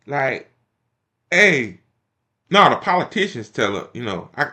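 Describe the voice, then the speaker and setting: A man's voice: medium pitch, animated, moderate pace, pushed and bright. A man giving profane, mocking reaction commentary, laughing often. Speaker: commentary streamer reacting to a speech.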